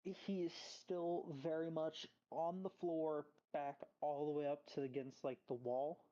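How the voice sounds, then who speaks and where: A game master narrating a tabletop game and asking players what they want to do, halting and full of restarts. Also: medium pitch, level tone, warm tone, dull audio.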